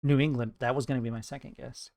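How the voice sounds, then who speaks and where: A man's voice: medium pitch, fairly even intonation, vocal fry, a little mellow, no room sound. Man chatting on a stream, wry jokes, stop-start talk, dry close sound. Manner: wry joking banter, halting restarts. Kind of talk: casual chat.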